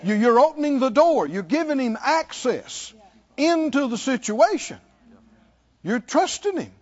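High, lively preaching man. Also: a little slow, lo-fi sound. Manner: emphatic, calls out to the congregation. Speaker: pastor. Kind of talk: sermon.

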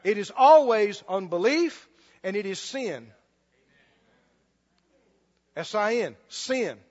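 A man's voice: high voice, animated, slow pace, a little mellow, big-room sound, muffled recording. A man preaching a sermon, emphatic and repetitive, often laughing between points.

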